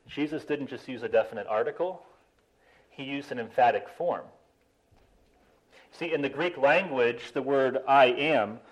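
A man preaching a sermon, animated, stressing key words and slowing down for emphasis. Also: medium pitch, rough recording. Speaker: pastor.

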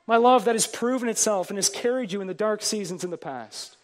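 A man's voice: high-pitched, fairly quick. A man preaching a sermon as pastor to his congregation, earnest, building emphasis through repeated phrases.

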